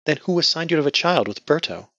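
A man's voice: a little high, lively intonation, fast, a bit bright, no echo, pitched above the performer's own voice. A man voicing a sheltered, anxious young woman who asks earnest, startled questions, on a dull lo-fi recording. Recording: dull lo-fi audio.

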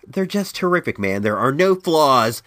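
A man's voice: big pitch swings, moderate pace, sharp tone, dry recording, studio quality. A stuffed-up man hosting a casual solo show, rambling and repeating himself, calling in from California. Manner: rambling, repeats words, swings high and low. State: stuffed-up nose from allergies. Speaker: podcast host. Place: at home in California.

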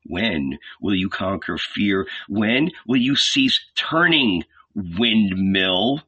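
A man voicing a stern, wrathful male prophet-teacher, speaking slowly and commandingly, on a dull lo-fi recording. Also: on the low side, expressive, pushed and bright, slightly rough, pitched below the performer's own voice, exaggerated voice.

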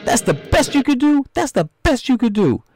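A man's voice: mid-range voice, lively intonation, fast talker, faint music behind, lightly acted. A man voicing a bossy, foul-mouthed film director who coaches and then berates an actor. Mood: furious. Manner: yelling, berating, profane. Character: angry loudmouth male film director.

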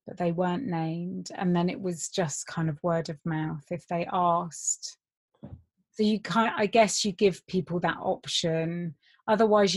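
A woman's voice: fairly low pitch, darkish tone. A woman who works in a care home, speaking in a reflective, thoughtful way. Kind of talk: casual interview.

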